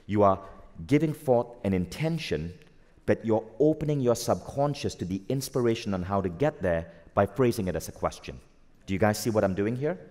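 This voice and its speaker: A man giving a live motivational talk to an audience, energetic and asking the crowd questions. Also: on the low side. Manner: energetic, asks the audience questions, acts out quoted voices. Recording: long hall reverb.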